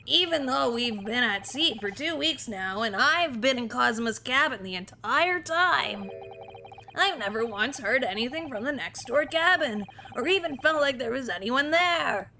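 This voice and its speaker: Playful, bright woman streamer. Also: high voice, animated, measured pace, gravelly, slight background noise. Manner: playful, giggly, reads lines aloud. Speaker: streamer reading game dialogue. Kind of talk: casual game read-along.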